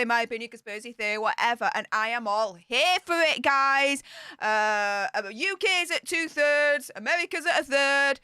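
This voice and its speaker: Excitable british woman ranting on a live stream, kinda high and bright, shrieks then mutters. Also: normal speed, no room sound, clean studio sound. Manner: excitable, scornful, swings between shrieks and mutters. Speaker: royal news commentator.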